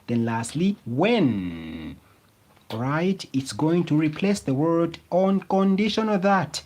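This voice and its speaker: A man's voice: on the high side, big pitch swings, darkish tone. A male tutor teaching a grammar lesson, repeating key phrases and prompting the class with fill-in questions. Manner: slow, emphatic explaining.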